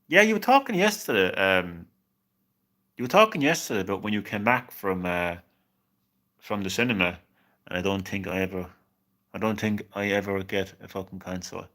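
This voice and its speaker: A man's voice: low-pitched, expressive, moderate pace, a bit bright. A young man streaming games live, chatting casually and reassuringly with a viewer, peppering his talk with "man" and tripping over repeated words. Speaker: game streamer.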